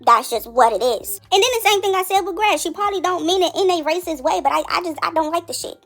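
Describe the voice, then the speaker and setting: A woman giving casual commentary on a reality show, chatty and quick to react, full of rhetorical questions. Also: very high voice, fairly bright tone, faint music behind.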